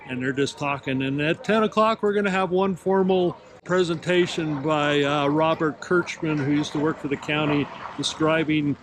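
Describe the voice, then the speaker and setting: A man's voice: a little high, fairly even intonation, moderate pace, noisy background. A man talking in a folksy, rambling way during a casual outdoor interview.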